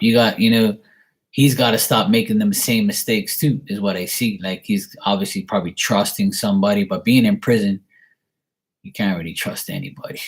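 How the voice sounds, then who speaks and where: A man doing a tarot reading and answering viewer questions in a rambling, casual chat full of "you know" fillers, blunt and sometimes swearing. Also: low-pitched. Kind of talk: casual live-stream chat.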